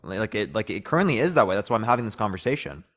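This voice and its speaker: A man's voice: lowish voice, sing-song, racing, fairly bright tone. A man in a casual debate, probing and pressing his argument.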